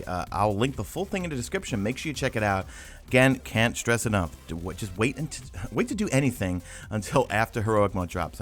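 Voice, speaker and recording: A man giving a casual video game update, talking emphatically and straight to his viewers. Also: on the low side. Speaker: gaming YouTuber.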